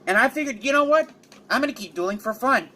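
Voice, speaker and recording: A man's voice: very high voice, expressive, fast, pushed and bright, voice pushed up, exaggerated voice. Man doing a breezy, teasing young woman.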